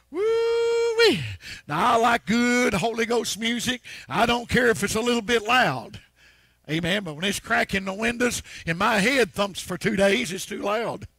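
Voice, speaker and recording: High, gravelly folksy preacher man. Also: moderate pace, pushed and bright, no echo. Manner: folksy storytelling preacher, frequent amens. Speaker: pastor. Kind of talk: sermon. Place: church.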